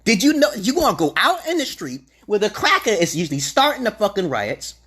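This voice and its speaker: Husky profane man ranting loud then low. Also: sing-song, a little fast. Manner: profane, confrontational, swinging between loud outbursts and low mutters. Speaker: livestream host. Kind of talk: ranting livestream monologue.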